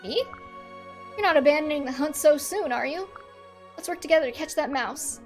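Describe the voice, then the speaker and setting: Woman doing a fiery hard-working soldier girl, highish voice. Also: normal speed, faint music behind, natural voice. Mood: brisk.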